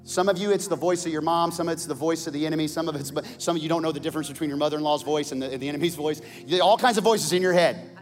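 A male pastor preaches in a somewhat high voice, swinging from loud calls to the crowd to hushed intensity. The large church hall adds a long reverb, and soft music sits faintly behind him. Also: racing. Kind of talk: sermon.

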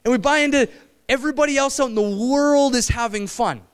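A middle-aged man preaching at a camp meeting, animated, shifting between loud exclamations and low, intense stretches. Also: brisk, clean tone. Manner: acts out quoted voices. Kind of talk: sermon.

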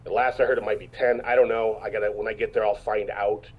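Husky fifty-something man telling stories. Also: fairly low pitch, level tone, fast talker, highs cut off. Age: 50s. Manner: storytelling, acts out quotes, frequent restarts. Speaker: actor guest. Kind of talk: casual interview chat.

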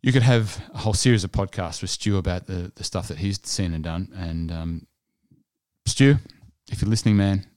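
Aussie-scottish-born guy, low voice, rambly keen podcast chat, dry close sound. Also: moderate pace, darkish tone, no echo. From Scotland. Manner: rambling, enthusiastic, many fillers. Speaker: podcast host. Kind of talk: casual solo podcast chat.

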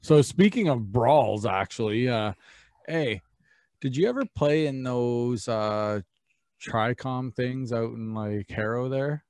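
A man's voice: medium pitch, slow pace, a little mellow, no room sound. A man co-hosting a casual chat, joking and swearing.

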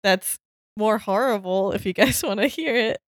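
A woman's voice: medium pitch, moderate pace, no room sound, studio quality. A woman chatting casually on a podcast, laughing often and trailing off into restarts. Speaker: podcast panelist.

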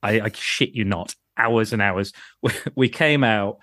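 A nineties-raised adult man co-hosts a podcast in a loose, rambling conversation, mocking himself and often cursing and laughing. His voice is on the low side and fairly bright, his pace unhurried, and the audio is clean studio sound without any room echo.

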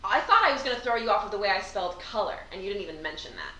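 A woman's voice: medium pitch, lively intonation, racing, bright, forceful tone. A woman co-hosting a casual chat, reading poems aloud and teasing her friend playfully. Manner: playful, teasing, laughs often. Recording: echoey room, slightly distant mic, faint background hiss.

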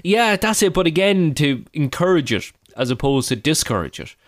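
A man's voice: a little high, big pitch swings, normal speed, dry recording, clean studio sound. A man in his thirties with an Irish accent, co-hosting a podcast in a rambling, chatty way full of fillers. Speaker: podcast co-host. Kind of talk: casual podcast chat.

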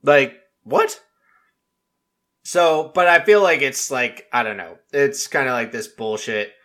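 A man's voice: medium pitch, lively intonation, normal speed, pushed and bright. A man chatting casually and rambling through a TV recap, packing his talk with fillers and swearing freely. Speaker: reality TV recap vlogger. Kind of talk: casual chat.

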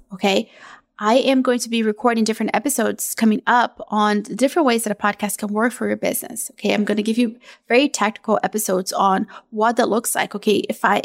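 A woman in her thirties hosting a casual solo podcast from home, talking in a gushing, upbeat sales pitch. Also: creaky. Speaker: podcast host.

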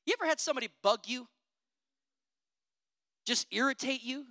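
A preacher with a high, bright voice delivers a sermon, calling out to the congregation for amens. The delivery swings from loud declarations down to low, chatty asides. The recording is dry and close. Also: normal speed, no room sound. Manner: impassioned, calls out for amens.

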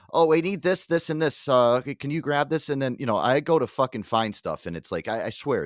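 Casting: male podcast host, lively pitch, rapid and crude storytelling, dry close mic. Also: no echo. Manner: animated storytelling with profanity and acted quotes. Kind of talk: casual chat.

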